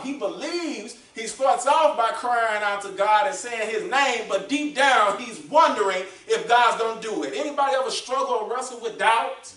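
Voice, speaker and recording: A man's voice: sits high, a bit bright. A man preaching a sermon as pastor, asking the congregation questions and building his points up. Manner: preaching with call-and-response questions. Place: church sanctuary. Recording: roomy echo, mic at a distance.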